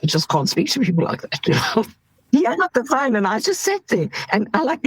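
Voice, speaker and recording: A woman's voice: fairly high pitch, sing-song, fast talker, breathy edge, dry recording, rough recording. A middle-aged woman from South Africa, an emergency doctor, telling candid stories in an interview and laughing as she goes.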